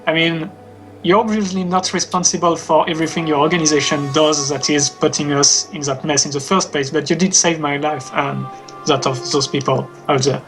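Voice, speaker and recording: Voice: medium pitch, steady tone, normal speed, music in the background. A player in an online tabletop game speaking in character.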